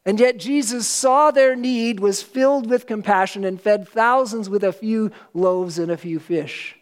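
Here a male pastor with a high voice preaches before a congregation, his manner earnest and forceful. Long, weighty pauses slow the pace of his sermon.

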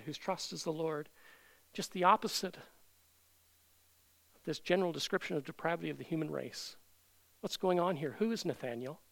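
A man preaching a sermon as pastor, emphatic, with many rhetorical questions and loud declarations. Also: fairly high pitch, creaky, low-quality recording.

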